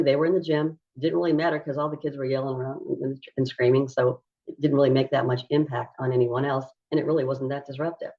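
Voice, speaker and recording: A woman who coaches parents on autism, explaining behavior strategies in a calm, measured teaching style. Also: rumbling low. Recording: dull lo-fi recording.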